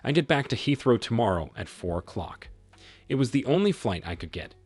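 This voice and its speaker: A man's voice: mid-range voice, sing-song, brisk, darkish tone, breathy edge, no echo, pitched above the performer's own voice. A man voicing a distraught, slightly drunk wife who mumbles and pleads in a quivering voice, over faint music. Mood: pleading.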